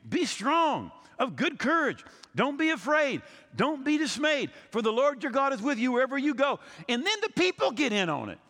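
A man's voice: very high voice, very animated, moderate pace, a bit bright, in a large hall. A man in his sixties, a pastor preaching a sermon, telling stories and acting out the people he quotes, often repeating his words as he goes. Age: 60s.

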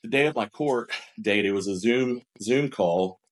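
Man with a somewhat low voice, business-owner podcast guest, animated storyteller who restarts and repeats his words. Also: measured pace. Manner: animated, acts out quoted dialogue. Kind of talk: conversational storytelling.

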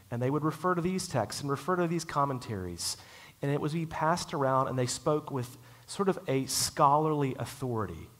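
A man preaching a sermon in a conversational, storytelling way, slowing down to stress key lines. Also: medium pitch. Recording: long hall reverb.

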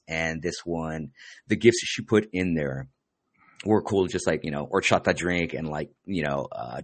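A man hosting a podcast in casual chat, laid-back, calling people "dude" and filling pauses with "um". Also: low voice, no echo. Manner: laid-back, says "dude" a lot, many fillers. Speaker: podcast host.

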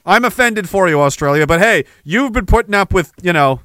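Angry, profane man ranting, high tense voice. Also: animated, brisk, bright, forceful tone, no room sound. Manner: sarcastic asides. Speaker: podcast host. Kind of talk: livestream rant reading chat messages.

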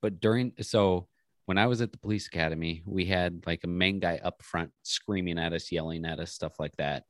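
Podcast co-host, male, very low pitch, dry close sound, rambling chatty delivery. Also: fairly even intonation, normal speed, no room sound. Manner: rambling storyteller, many restarts. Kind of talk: casual chat.

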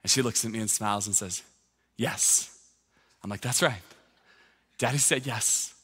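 A man's voice: on the low side, moderate pace, pushed and bright, husky. A male pastor in his thirties preaching a sermon, moving from a family story to fervent, repeated calls to his church. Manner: storytelling, then rising to fervent exhortation. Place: church sanctuary. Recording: long hall reverb.

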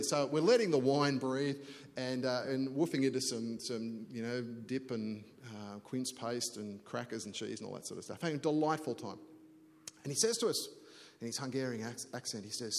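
A man's voice: mid-range voice, a little fast. A middle-aged man preaching a sermon as a pastor, chatty and self-deprecating, telling a story and often restarting words. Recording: long church hall reverb.

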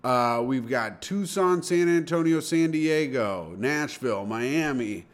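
A man's voice: mid-range voice, animated. A man from Indiana hosting a casual comedy podcast, joking and rattling off lists. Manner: jokey, rattles off lists in rapid fire. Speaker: podcast host.

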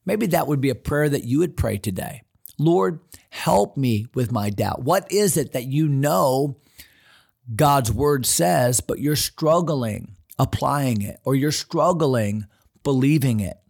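A man pastor giving an earnest devotional sermon, slowing down to stress the scripture he quotes. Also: medium pitch, lively intonation, gravelly, a little mellow, breathy edge.

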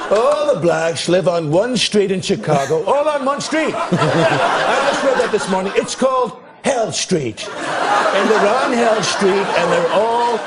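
A man's voice: high voice, expressive, slow pace, long pauses, a loud crowd, very noisy. An actor playing a boastful, rambling male tycoon politician in a live TV comedy sketch, with audience laughter around him. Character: bragging blustery male tycoon politician, middle-aged. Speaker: debate candidate in a sketch.

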